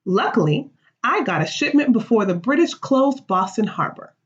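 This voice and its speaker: A woman's voice: a little high, big pitch swings, normal speed, slightly rough. A woman reading the lines of a defensive, greedy colonial merchant in a school play, in a slightly muffled recording.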